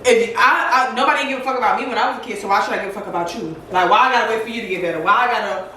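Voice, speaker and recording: Woman, twenties, candid casual talker, bright tone, recorded from across an echoey kitchen. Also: a little high, rapid-fire, slight background noise. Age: 20s. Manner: candid, frequent "like" fillers. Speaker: co-host. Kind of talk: casual chat while cooking. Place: home kitchen. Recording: echoey room, mic far off.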